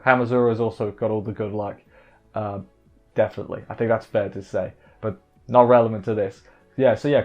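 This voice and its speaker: A man's voice: medium pitch, highs cut off. A man casually recapping an anime episode, rambling with frequent restarts and asides. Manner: rambling, self-interrupting, quick asides. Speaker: anime reviewer.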